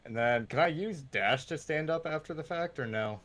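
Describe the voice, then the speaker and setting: A man's voice: on the high side, lively intonation, normal speed, a bit bright. A man playing in a tabletop game, asking questions about the rules as he describes his character's moves. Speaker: player. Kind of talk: casual tabletop play.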